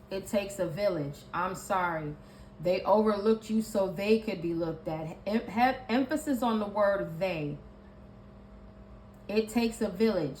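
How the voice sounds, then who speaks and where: A woman gives a tarot reading in an emphatic, repetitive way, hammering her points home one after another. Her voice sits at a middling pitch. The room around her is echoey, with faint background noise underneath. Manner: emphatic and repetitive, listing card meanings. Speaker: tarot reader.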